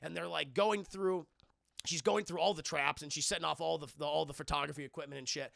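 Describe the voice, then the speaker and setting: A male streamer recaps a horror film for his live chat, cursing casually and acting out bits of each scene. His voice sits high with a heavy gravelly fry and a bright, sharp edge. The sound is dry and close. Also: quick pace, no echo. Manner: animated, swears freely, acts out scenes. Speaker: livestream film reviewer.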